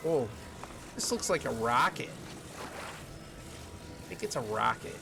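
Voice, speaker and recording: Lively playful man streaming a game. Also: medium pitch, takes it slowly, creaky, noisy background. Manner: playful, sings snatches of songs, greets viewers by name. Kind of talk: casual gameplay chat with chat readers. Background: game music.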